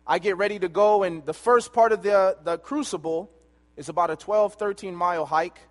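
A man preaching a sermon, telling a personal story and swinging between loud and hushed delivery. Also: sits high, normal speed. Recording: long hall reverb.

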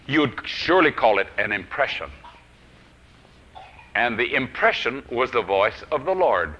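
Lively male preacher, muffled old tape. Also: medium pitch, measured pace. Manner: dramatic swings from loud to hushed. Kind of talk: sermon storytelling. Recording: dull lo-fi old recording.

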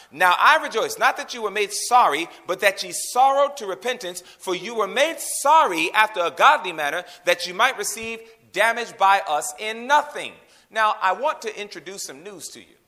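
A man preaching a sermon, quizzing his congregation with call-and-response questions and swinging from loud emphasis to hushed delivery. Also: sits high. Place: in a room with a congregation.

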